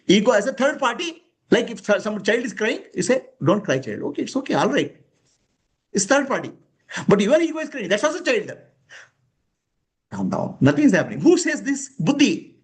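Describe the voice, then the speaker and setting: High, lively male teacher. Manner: emphatic, questioning, chuckling often. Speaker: spiritual teacher. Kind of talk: spiritual discourse to students.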